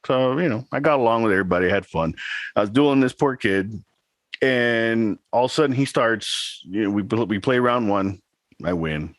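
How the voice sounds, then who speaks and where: A man's voice: medium pitch, moderate pace, no echo. A man in his thirties, a podcast co-host, chatting casually and telling a rambling story with laughs. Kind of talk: casual chat.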